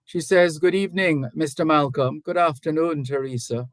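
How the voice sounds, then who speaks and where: Hosting a call-in radio show in a studio, a middle-aged Jamaican man with a fairly high voice reads out listener messages over a studio microphone. He speaks in a measured, deliberate way, often restarting his sentences and hedging as he goes, and the audio is poor, though free of echo.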